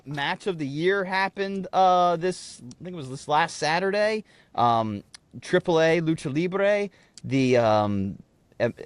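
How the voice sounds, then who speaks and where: A man co-hosting a podcast, telling an animated story in casual chat and swearing freely. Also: on the high side, clear, resonant tone, no echo. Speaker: podcast co-host.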